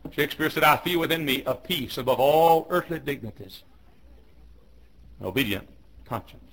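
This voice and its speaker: A man in his fifties preaching a fiery sermon in a church, swinging from hushed low tones to shouted commands he hammers home again and again. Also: brisk, low-quality recording. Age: 50s. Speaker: pastor. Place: church auditorium.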